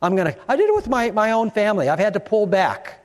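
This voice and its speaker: An older Chicago pastor preaches a sermon at a fast clip, his high voice ringing through a church with a long reverb. He is animated and climbs to shouts whenever he wants to drive a point home.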